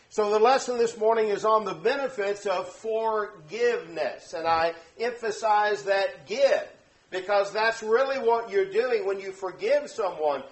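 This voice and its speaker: A man preaching a morning lesson, earnest and explanatory, stressing key words. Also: high voice. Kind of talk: sermon lesson.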